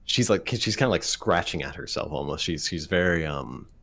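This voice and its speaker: A man narrating as game master of a tabletop game, halting with many fillers and restarts. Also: very deep voice, animated, pushed and bright.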